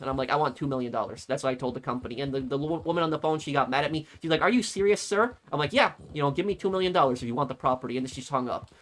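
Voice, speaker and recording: A man's voice: mid-range voice, fairly bright tone. A man streamer telling a long story in casual chat, rambling and repeating words as he goes. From United States.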